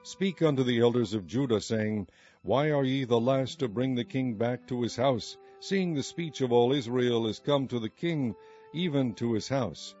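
A man's voice: medium pitch, normal speed, darkish tone, natural voice. A man reading a grieving old king. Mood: pleading. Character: grieving old king mourning his son. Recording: muffled recording with faint music.

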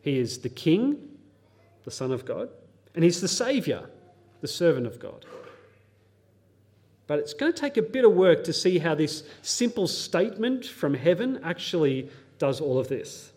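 A man's voice: fairly high pitch, big pitch swings, a little slow, pauses often, a little mellow. A man preaching a sermon, teaching earnestly, reading scripture aloud and adding light pop-culture asides. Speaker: pastor.

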